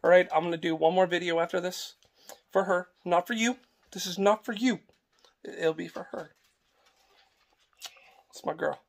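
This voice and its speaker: A man's voice: high voice, fairly even intonation, moderate pace. A young man talking casually to camera in a homestead vlog, rambling with fillers and restarts. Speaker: homestead vlogger.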